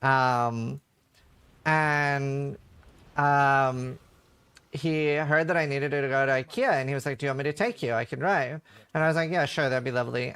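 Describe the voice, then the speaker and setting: A man chats on a livestream at a slightly higher pitch than most men. He rambles through stories and keeps reaching for filler words. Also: fairly bright tone, clean tone. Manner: rambling storytelling, heavy on fillers. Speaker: streamer. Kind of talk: casual livestream chat.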